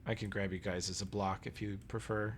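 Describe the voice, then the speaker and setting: A man running a tabletop game as game master, relaxed and descriptive, checking in with his players. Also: on the low side, a little fast.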